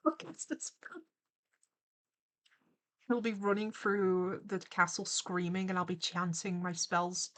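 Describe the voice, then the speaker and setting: Woman streamer, young, mid-pitched, chatty and theatrical, mock-villain riffs. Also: a bit bright. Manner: playful, theatrical mock-villain rambling with frequent laughs. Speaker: streamer and animator. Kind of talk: casual livestream chat.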